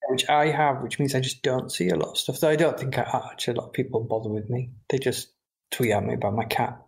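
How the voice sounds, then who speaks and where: A man's voice: mid-range voice, steady tone, fast talker, gravelly. A middle-aged man hosting a podcast, chatting casually in a self-deprecating way. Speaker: podcast host. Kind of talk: casual chat.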